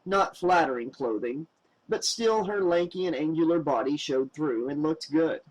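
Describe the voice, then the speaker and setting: A man reading a novel aloud as an audiobook narrator, with expressive, wry storytelling. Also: on the high side, moderate pace, rough recording.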